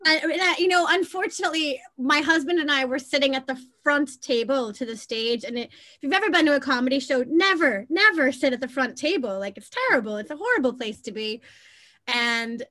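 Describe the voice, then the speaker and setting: Woman, 30s, American accent with Belfast touches, higher voice, chatty storyteller, casual interview. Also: a little fast, bright, forceful tone. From Boston, USA. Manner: chatty storyteller, laughs easily. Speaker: interview guest.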